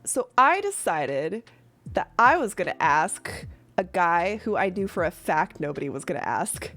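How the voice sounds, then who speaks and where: A woman's voice: fairly low pitch, very animated, unhurried, fairly bright tone. A woman running a tabletop game as game master, chatting casually in a rambling way with lots of fillers and some swearing.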